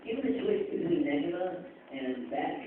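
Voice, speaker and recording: A man telling animated stories as a voice actor guest at a convention panel, laughing and quoting others. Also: fairly high pitch, normal speed, a crowd in the background. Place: large convention panel room. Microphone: phone in the audience. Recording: echoey hall, tinny phone recording from far off.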